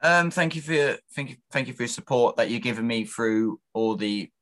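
A man's voice: mid-range voice, brisk, a bit bright. A man, a guest on a casual podcast, easygoing and brief. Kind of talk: casual chat.

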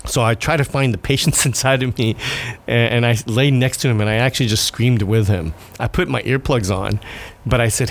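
A man in his thirties, a guest in an interview, talking earnestly and haltingly, with frequent laughs and restarts. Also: mid-range voice. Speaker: guest, restaurant owner and father. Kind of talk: conversational interview.

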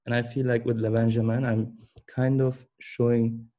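A young man speaks with an accent that mixes German and Turkish. His voice is mellow and dark, and his pitch sits in a middle range. He tells his story casually, tripping over his words, restarting sentences and laughing now and then. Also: flat delivery. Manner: halting, many restarts and repeated words, laughs often. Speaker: fashion designer, guest.

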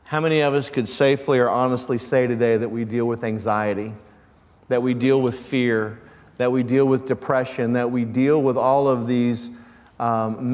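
A man's voice: mid-range voice, a little mellow. A man preaching a sermon as pastor, calling out questions to his congregation. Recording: long church reverb.

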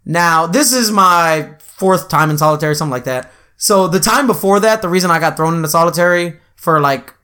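A man's voice: on the high side, a little fast, hardly any pauses, pushed and bright. Profane laid-back man telling stories. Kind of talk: casual storytelling chat.

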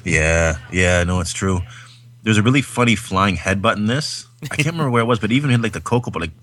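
Low, bright-voiced man, rambling and enthusiastic. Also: lively intonation, quick pace. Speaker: podcast co-host. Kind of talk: casual film-review chat.

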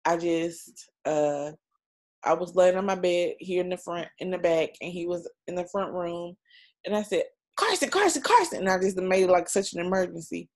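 A woman's voice: lowish voice, level tone, normal speed, darkish tone. Chatty, emotional mother hosting a podcast. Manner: chatty, emotional, swears casually. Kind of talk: casual podcast chat.

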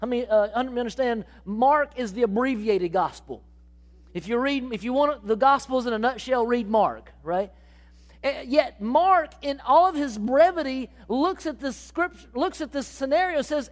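A woman preaching a sermon, acting out Bible dialogue and calling out to the congregation in an animated way. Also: a little high, moderate pace. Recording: long hall reverb.

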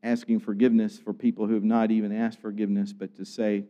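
A man preaching a sermon, acting out scenes and swinging from loud outbursts to hushed tones. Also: on the low side, level tone, fast talker, big-room sound, dull audio. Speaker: pastor.

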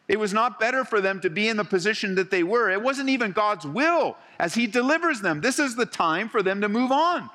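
Bright-voiced man preaching in a reverberant hall. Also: high voice. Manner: conversational preaching, swings between lively and hushed. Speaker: pastor. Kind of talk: sermon. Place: church hall.

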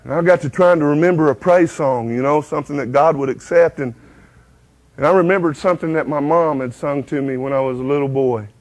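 A man's voice: a little high, brisk, low-quality recording. A man giving a folksy testimony sermon, breaking now and then into lines of a hymn. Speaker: preacher giving his testimony.

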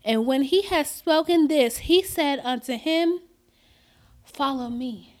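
A woman preaching a sermon, reading scripture deliberately and building her points to loud, emphatic declarations. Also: sits high. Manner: reads scripture slowly and deliberately.

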